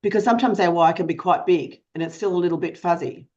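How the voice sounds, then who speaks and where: A woman's voice: fairly low pitch, fast talker, darkish tone. A woman giving interview advice as a guest coach, in a direct, encouraging way with rhetorical questions. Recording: dull lo-fi sound.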